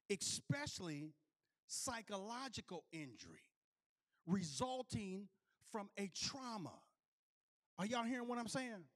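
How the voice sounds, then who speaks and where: A man's voice: sits high, fairly bright tone. A male preacher telling a story in a sermon, often restarting phrases and calling out to the congregation. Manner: repetitive restarts, calls out to the congregation.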